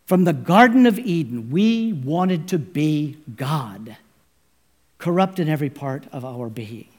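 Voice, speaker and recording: Casting: male pastor, pitched a bit high, emphatic sermon delivery, speaks warmly to "friends". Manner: emphatic preaching, addresses listeners as friends.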